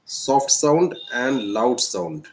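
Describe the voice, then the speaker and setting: A male teacher with an Indian English accent, slowly explaining a physics lesson and repeating key points. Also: mid-range voice, lively intonation, a little mellow. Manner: slow, repetitive explaining. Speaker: science teacher.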